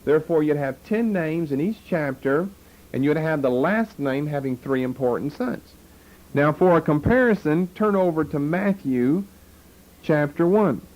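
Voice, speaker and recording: A man's voice: on the high side, lively intonation, unhurried, a little mellow, rough recording. A man teaching a Bible lesson, explaining step by step and posing rhetorical questions. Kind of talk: lecture on scripture.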